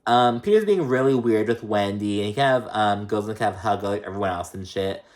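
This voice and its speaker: A man with a fairly low voice delivers a brisk, informal recap of a reality show. His talk is chatty and profane, thick with "like" and "um," and he switches voices to act out quoted lines.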